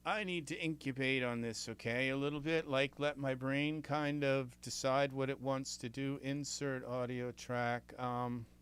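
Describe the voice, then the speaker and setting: A man's voice: mid-range voice, steady tone, unhurried, hardly any pauses, fairly bright tone, clean tone. A man with a Southern US accent, muttering to himself as he works through a music production tutorial and often trailing off mid-sentence. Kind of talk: thinking aloud while working in software.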